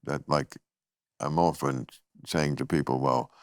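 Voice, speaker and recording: A man's voice: very deep voice, steady tone, unhurried, no room sound, clean studio sound. A man in his sixties hosting a casual podcast chat, cutting in often with short agreements. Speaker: podcast host.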